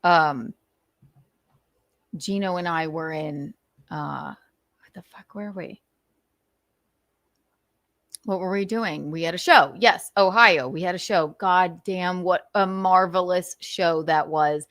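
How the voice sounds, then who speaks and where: A woman hosts a casual livestream, telling stories animatedly while swearing freely and laughing often. Her voice is fairly low and slow, with frequent pauses, captured as a dry, clean studio recording.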